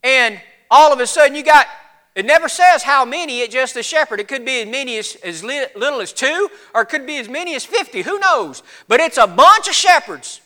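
A man preaching a sermon in a folksy, animated storytelling way, his voice getting cracky. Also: very high voice, fairly quick. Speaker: pastor.

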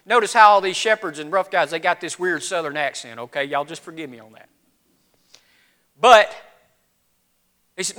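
A man preaching a sermon in a folksy, animated storytelling way, his voice getting cracky. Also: on the high side, normal speed, pauses often. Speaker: pastor.

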